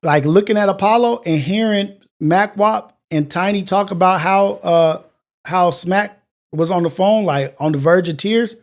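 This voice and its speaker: High-voiced man preaching on a morning show. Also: unhurried. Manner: earnest, preachy, repetitive phrasing. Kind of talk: motivational monologue.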